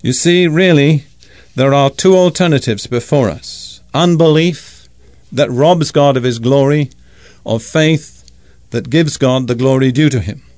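A man preaching a sermon, teaching from scripture in an emphatic, measured way. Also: mid-range voice, a little mellow, no room sound.

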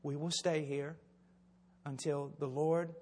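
An older man preaching, telling stories in a low, hushed voice, then building to loud, shouted exhortation. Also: flat delivery, slow, long reverb tail. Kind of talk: sermon with storytelling.

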